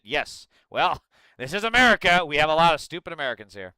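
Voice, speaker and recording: A man hosting a live political reaction stream, reading chat and reacting in a profane, sarcastic, animated way. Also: fairly high pitch, a little fast, clean tone, no room sound, low-quality recording.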